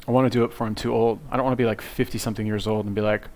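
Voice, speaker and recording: A young man with a low, gravelly voice riffs at high speed through a casual reaction commentary. He rambles and swears, tripping over fillers and poking fun at himself. It sounds like it was recorded on a webcam in a cluttered bedroom. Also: level tone, racing, hardly any pauses, darkish tone. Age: young adult. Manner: rambling, profane, self-mocking, full of fillers. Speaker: video commentator.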